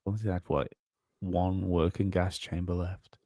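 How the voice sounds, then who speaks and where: A man's voice: deep voice, flat delivery, measured pace, mellow, no room sound. A man co-hosting a casual conspiracy podcast, rambling and swearing, often restarting his sentences. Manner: rambling, profane, many restarts. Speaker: podcast co-host.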